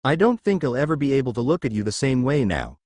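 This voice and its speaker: A man's voice: medium pitch, very animated, fast talker, dry recording, studio quality, natural voice. Naruto, a flustered young ninja, voiced by a man. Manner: gentle, reassuring. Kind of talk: fan fiction audiobook.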